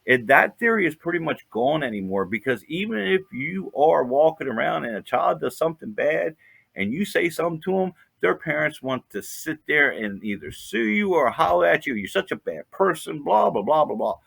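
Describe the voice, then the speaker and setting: A man's voice: fairly high pitch, very animated, moderate pace, gravelly, fairly bright tone, husky, dry recording. A man co-hosting a podcast, telling a rambling story full of "you know" fillers. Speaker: podcast co-host. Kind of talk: casual storytelling.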